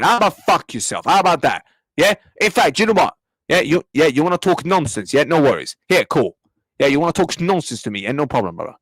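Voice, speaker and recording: A young man, furious after a match and snapping back at his chat. His voice sits high and jumps all over the place as he rants. The sound is dry and close. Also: animated, fast talker, fairly bright tone, slightly rough, no echo. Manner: angry, repetitive, swearing, talks back to chat. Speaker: football reaction streamer. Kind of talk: live match reaction rant.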